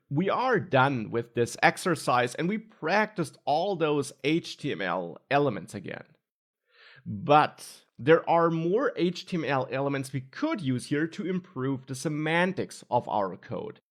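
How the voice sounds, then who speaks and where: A male coding instructor walks through a web tutorial at a mid pitch. His intonation swings widely as he stresses key words. He explains patiently, step by step. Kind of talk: screen-recorded coding tutorial.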